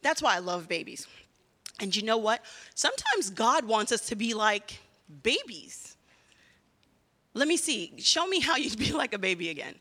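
Lady doing a kids' sermon, bright and kinda high, keeps quizzing the children. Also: moderate pace, pauses often, big-room sound. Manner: lively, keeps asking the children questions. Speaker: children's church teacher.

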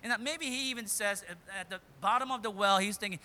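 A man preaching a sermon, retelling a story dramatically and swinging between loud and hushed delivery. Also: high-pitched, normal speed.

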